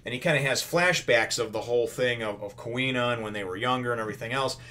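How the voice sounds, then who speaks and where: A man's voice: fast, pushed and bright. Rambling man recapping a comic. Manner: rambling, many fillers, quotes characters with raised pitch. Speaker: comics reviewer. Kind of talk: casual retelling of a comic chapter.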